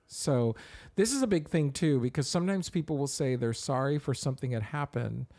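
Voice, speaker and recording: A man's voice: mid-range voice, expressive, a little fast, warm tone. A middle-aged man co-hosting a casual podcast, walking through a numbered list and explaining each point. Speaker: podcast co-host.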